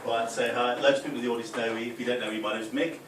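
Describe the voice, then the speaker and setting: A man's voice: medium pitch, steady tone, racing, reverberant. Young man from Newcastle with a faint Geordie accent, doing stand-up and ribbing the crowd; picked up from far back in a noisy club room. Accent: mild Geordie, mostly softened. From Newcastle, England. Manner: chatty, crowd-teasing, sweary, says "right?" a lot. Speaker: stand-up comedian. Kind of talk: stand-up comedy. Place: small club function room with audience.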